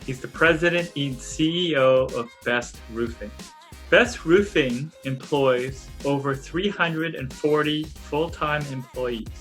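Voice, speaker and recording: A man's voice: a little high, slow pace, a bit bright, faint music behind. A man hosting an interview podcast, introducing his guest and giving brief, encouraging prompts. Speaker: podcast host.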